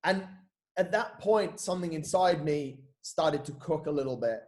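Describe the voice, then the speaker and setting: Bloke on a podcast, lively storytelling, swears a lot, voice sits a little high. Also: male voice, normal speed. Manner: animated, swears freely, says "mate" a lot. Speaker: podcast guest, coach. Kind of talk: casual storytelling chat.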